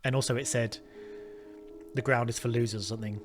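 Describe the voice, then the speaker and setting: A man's voice: medium pitch, steady tone, fast talker, music in the background. A man hosting a let's play, talking through the game in a chatty, self-deprecating way. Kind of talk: gameplay commentary.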